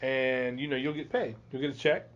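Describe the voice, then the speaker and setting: A man's voice: medium pitch, a little fast. Man, podcast host, casual storytelling, profane, dull lo-fi phone recording. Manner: profane, animated storyteller acting out quotes.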